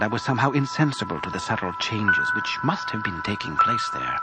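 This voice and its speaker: Expressive male audiobook narrator. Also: medium pitch.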